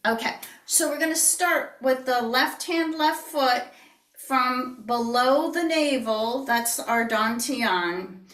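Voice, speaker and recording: Woman tai chi teacher, slow calm cues, fairly high voice, distant roomy sound. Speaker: yoga and tai chi instructor. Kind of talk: guided movement instruction. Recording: roomy, distant online-class audio.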